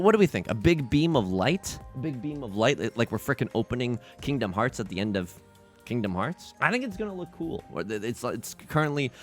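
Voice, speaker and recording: A man with a sore throat, giving excitable, jokey, self-mocking commentary while playing a game for his channel. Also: fairly low pitch. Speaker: let's play host. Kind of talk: casual gameplay commentary.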